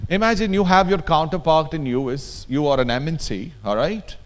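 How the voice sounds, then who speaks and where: Indian guy teaching a workshop, slightly high voice, punchy, keeps asking the crowd if they follow. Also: moderate pace. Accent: Indian English. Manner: emphatic, often checks in with the audience. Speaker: workshop trainer. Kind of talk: lecture workshop. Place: conference hall.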